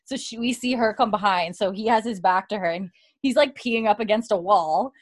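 A woman's voice: mid-range voice, brisk, no room sound. A woman talks into a close mic on a video call, dry and up front, with almost no room sound. She retells a TV episode scene by scene in easy, chatty narration. She keeps breaking into quoted lines of dialogue and laughter. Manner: narrates scenes at length, quoting characters and laughing often. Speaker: podcast co-host recapping a TV episode. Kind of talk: animated casual storytelling with quoted dialogue.

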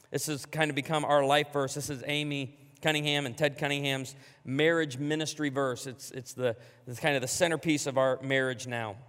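Animated male pastor preaching in a hall. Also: on the high side, clean tone. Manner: animated, emphatic, joking with the congregation. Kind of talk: sermon.

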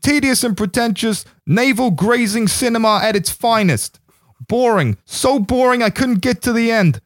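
A man's voice: very high-pitched, expressive, normal speed, no echo, clean studio sound, pitched above the performer's own voice. A man reading a review aloud as a grumpy male reviewer with a put-on, wandering East Coast American accent, sneering and dismissive. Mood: scornful.

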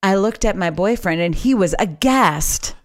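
Upbeat woman co-host, mid pitch. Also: lively intonation. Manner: upbeat, chatty, quick to laugh. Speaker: podcast co-host. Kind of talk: casual chat and reading listener stories.

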